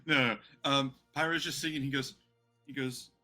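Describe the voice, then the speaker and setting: A man's voice: medium pitch, steady tone, normal speed, sharp tone, faint music behind. A man narrating as game master, rambling and hesitant, with frequent fillers.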